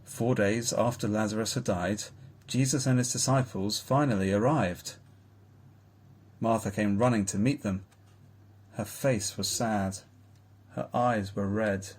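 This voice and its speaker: A man reading a children's Bible story aloud in a slow, tender storytelling manner. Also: on the low side, fairly even intonation. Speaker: reader.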